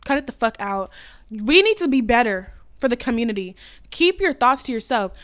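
A young woman hosting a podcast, ranting in a blunt, profane, sassy casual chat that swings between loud and quiet. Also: fairly high pitch, big pitch swings, moderate pace. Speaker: podcast host.

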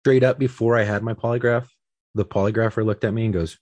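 A man with a low, husky voice co-hosts a podcast. He tells his stories with animated, profane energy. The sound is close and dry. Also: fast, no echo. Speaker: podcast co-host, police officer, former Marine. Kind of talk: casual podcast chat.

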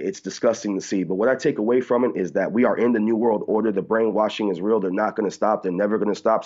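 A man with a low voice tells his story in a rapid rush of words and acts out other people's lines. The sound is dull and muffled, as if it came over a call. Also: a little mellow. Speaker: activist guest. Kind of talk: excited phone-in interview recounting.

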